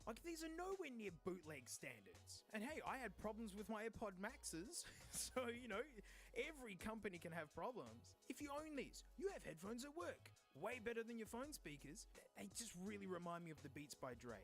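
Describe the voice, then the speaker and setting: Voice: mid-range voice, sing-song, moderate pace, soft background music. Chatty headphone reviewer. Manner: chatty, opinionated, laughs now and then. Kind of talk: casual product review.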